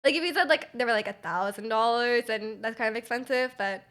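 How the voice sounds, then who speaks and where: A woman's voice: fairly high pitch, a little fast, a bit bright. A young Canadian woman streaming live, chatting casually with her viewers, giggling and rambling with many restarts.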